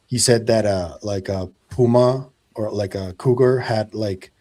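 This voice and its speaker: A man's voice: fairly low pitch, measured pace, a little mellow. A man who reports on UFO cases, talking casually on a podcast and hesitating often with fillers.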